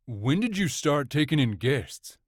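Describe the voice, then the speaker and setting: A man's voice: medium pitch, sing-song, unhurried, dry recording, clean studio sound, pitched above the performer's own voice. Man voicing a hot-tempered young rancher, blunt, brash, late twenties. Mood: sheepish. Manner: brash, accusing.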